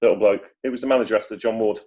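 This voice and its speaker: A man's voice: fairly low pitch, fairly even intonation, very fast, mellow. A man, a former footballer casually telling rambling stories over a video call. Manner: chatty, rambling with many restarts and acted quotes. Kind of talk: casual storytelling.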